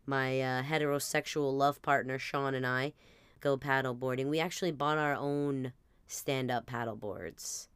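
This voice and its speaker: A woman with a New Jersey accent tells comic stories in a rambling, animated, self-mocking way. Her voice sits low and sounds very clear and smooth. The recording is close and dry. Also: normal speed, no room sound. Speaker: podcast host. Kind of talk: comedic storytelling monologue.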